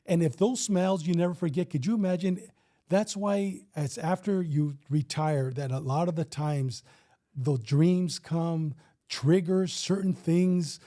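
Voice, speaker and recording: A man's voice: fairly high pitch, a little slow, dark tone. A man in his fifties, a retired police officer, telling a story in a casual interview and acting out the dialogue with some swearing.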